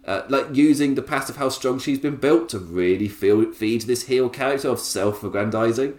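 A man's voice: medium pitch, moderate pace, a little mellow. Chatty man in an echoey room. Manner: chatty, laughs often, lots of fillers. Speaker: wrestling podcaster. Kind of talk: casual show review.

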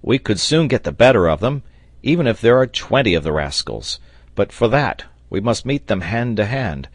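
A man voicing a bold, excitable sailor who bursts out in loud, hearty cries. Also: lowish voice, moderate pace, no room sound. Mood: urgent. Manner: loud exclamations, hearty and blustering.

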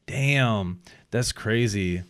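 A low-pitched man in his thirties reads trivia aloud on a casual podcast, tripping over unfamiliar names and cursing with a laugh. The sound is dry and close, with no room around him. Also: extremely slow, a bit bright, no room sound. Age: 30s. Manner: stumbles over foreign names, profane, laughs easily. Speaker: podcast co-host. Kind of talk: casual podcast chat reading facts aloud.

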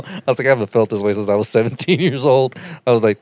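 A man's voice: lowish voice, fairly even intonation, quick pace, few pauses, darkish tone, no echo. A man hosting a podcast, telling crude stories with lots of swearing and laughter. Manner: profane, laughing storyteller. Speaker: podcast host. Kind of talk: casual crude podcast banter.

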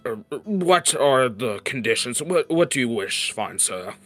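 A man's voice: medium pitch, sing-song, a little slow, fairly bright tone, faint music behind. A man voicing a nervous, easily frightened male official who stammers and hesitates.

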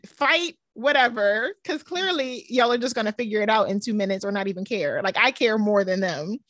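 A woman's voice: medium pitch, expressive, moderate pace, hardly any pauses, fairly bright tone, dry recording, studio quality. A woman, co-hosting a podcast in casual chat and telling stories animatedly with many fillers. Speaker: podcast co-host.

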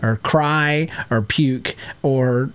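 A man's voice: mid-range voice, clean tone. A man co-hosting a podcast with his wife, teasing her in casual chat. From Georgia, US. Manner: playful, teasing, quick to laugh. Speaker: podcast co-host.

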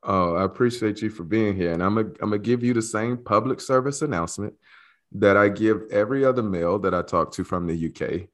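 A male podcast host in casual, playful interview chat, teasing his guest warmly. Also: fairly low pitch, a little fast. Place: away from his studio, on the road.

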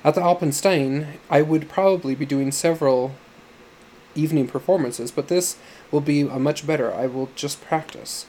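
A man's voice: fairly high pitch, moderate pace, darkish tone, a little hiss or hum, lightly acted. A man voicing a haughty male musician in an audiobook, speaking in a bored, lofty way.

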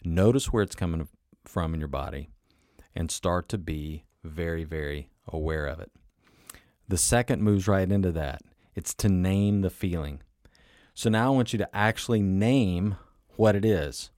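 A man's voice: sits low, a little slow, darkish tone, no echo, clean studio sound. A man hosting a motivational self-help talk, speaking conversationally with repeated phrases and rhetorical questions, sometimes acting out inner voices. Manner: acts out inner voices in short quoted asides. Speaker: podcast host.

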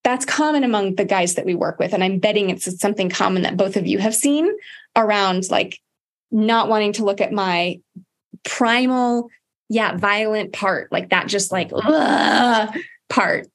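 A woman hosts a casual podcast chat in a voice of ordinary middle pitch. She speaks reflectively, pausing to search for her words and trailing through loose phrases. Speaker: podcast host.

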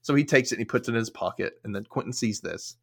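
A man's voice: mid-range voice, fast, gravelly, a bit bright, husky. A man hosting a podcast, casually recapping a TV episode in a chatty way, full of filler words and casual swearing. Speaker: podcast host.

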